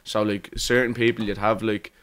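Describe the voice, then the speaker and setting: A man's voice: fairly low pitch, little pitch movement, moderate pace, a bit bright. A young man with a Dublin accent chatting casually as a streamer guest, rambling and swearing with lots of fillers. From Ireland. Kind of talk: casual podcast chat.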